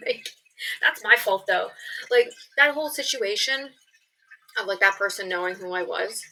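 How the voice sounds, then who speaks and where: A woman's voice: mid-range voice, lively intonation, a little slow, sharp tone, low-quality recording. A young woman telling stories in a casual vlog, chatty and swearing freely with lots of "like" fillers. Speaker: vlogger. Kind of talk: casual storytelling chat.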